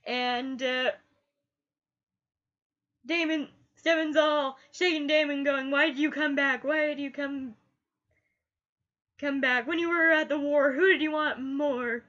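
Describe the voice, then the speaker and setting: A woman's voice: high voice, fairly even intonation, slow pace, long pauses, a bit bright, muffled recording. A woman reviewing a TV episode in casual chat, gushing and often repeating her last word.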